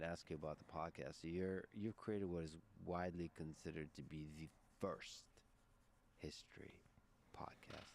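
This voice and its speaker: A man's voice: a bass voice, a little mellow, a little hiss or hum. A man hosting an interview, asking loose, enthusiastic questions peppered with fillers. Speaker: podcast interviewer. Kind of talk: conversational interview.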